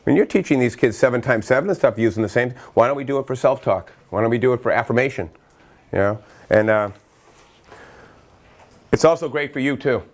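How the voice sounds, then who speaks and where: A middle-aged man from Massachusetts with a mid-range voice gives an energetic training talk to educators as a workshop speaker. He tells stories in quick bursts, interrupts himself, acts out quotes and breaks into chanting.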